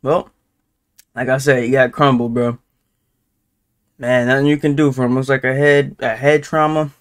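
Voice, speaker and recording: A man's voice: medium pitch, little pitch movement, normal speed. A man giving laid-back, slangy commentary as he reacts to a video. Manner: laid-back slangy banter, laughs a lot.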